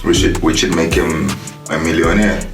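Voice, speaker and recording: Man, very deep voice, podcast co-host, easygoing chat, echoey room, distant mic. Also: flat delivery, over music. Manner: easygoing, quick reactions, stammering questions.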